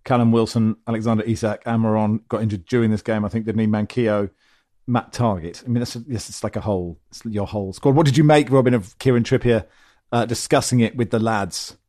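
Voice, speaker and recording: A man's voice: on the low side, fairly quick, no room sound, clean studio sound. Wry man hosting football chat. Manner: wry, teasing, lively questions. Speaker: podcast host.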